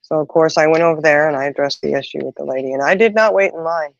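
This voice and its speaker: A woman's voice: low voice, fast, vocal fry, dry recording. A middle-aged woman hosting a casual chat, retelling everyday stories with lots of asides. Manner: chatty, animated retelling with many asides. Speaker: host. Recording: dull, slightly muffled sound.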